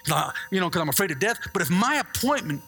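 A middle-aged man preaching a sermon as a pastor, telling stories with lively asides and checking in with the congregation. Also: high voice, fast talker, breathy edge. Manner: animated storytelling with call-and-response asides.

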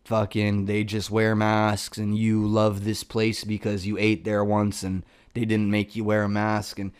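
A young man in his twenties or thirties rants in a loose, profane monologue. He rambles through restarts and fillers, sounding exasperated and fed up as he talks. His pitch sits in an ordinary middle range for a man. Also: clear, resonant tone. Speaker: comedian. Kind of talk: casual ranting monologue.

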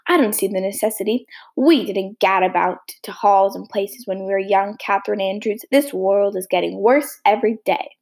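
A woman reading the part of a sour, pessimistic old spinster in an audiobook, with a grim, contemptuous manner and a husky, gravelly voice. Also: mid-range voice, moderate pace, hardly any pauses, a little mellow, natural voice. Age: older.

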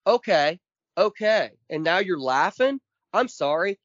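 Podcast co-host, man, high-ish voice, emphatic profane rant, dull dry lo-fi sound. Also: animated, unhurried, a bit bright, no room sound. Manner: emphatic, profane, counts off points.

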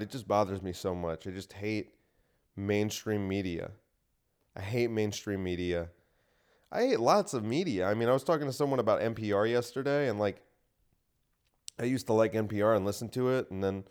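A man's voice: fairly low pitch, a little mellow. A man hosting his own podcast, ranting bluntly and with profanity in a casual solo monologue recorded in a home gym room. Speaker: comedian podcast host.

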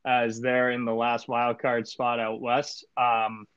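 A man chatting loosely on a sports podcast, speaking at a middling pitch and drifting through filler words and deadpan jokes. The sound is dry and a little dull, as if from a simple home mic. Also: slow, clear, resonant tone, dry recording. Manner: laid-back, rambling with many fillers, deadpan joking. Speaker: podcast co-host. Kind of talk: casual sports podcast chat.

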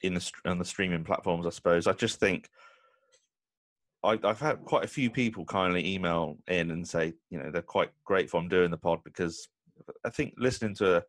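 A man's voice: low-pitched, brisk, fairly bright tone, dry recording. A man hosting a nerdy sitcom podcast, chatting with enthusiasm and a fan's eagerness. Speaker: podcast host. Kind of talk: casual interview chat.

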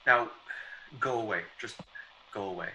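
A man's voice: fairly low pitch, moderate pace, pushed and bright, slight background noise, low-quality recording. A man playing a stammering frightened novelist. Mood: stubborn. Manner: stammering, flustered. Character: frightened rich novelist man, stubborn then pleading. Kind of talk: 1940s radio acting.

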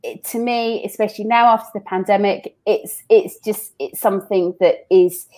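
A woman's voice: medium pitch, steady tone, normal speed, warm tone. A woman in an interview, explaining how she works with people, with a chatty manner full of restarts and repeated words. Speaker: business owner guest. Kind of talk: casual interview talk.

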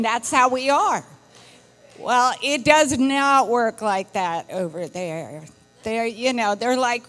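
A woman's voice: mid-range voice, big-room sound. A woman from the United States, chatting casually to a church, laughing and acting out other people's voices. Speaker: missionary wife addressing church. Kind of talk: casual talk from the pulpit. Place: church hall.

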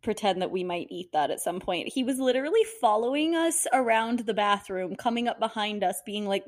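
A woman's voice: fairly high pitch, animated, moderate pace. A woman in her twenties co-hosting a podcast, chatty and easygoing as she recounts a story and thanks listeners. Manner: laughing, chatty, wraps up the episode. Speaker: podcast co-host. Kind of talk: casual storytelling chat.

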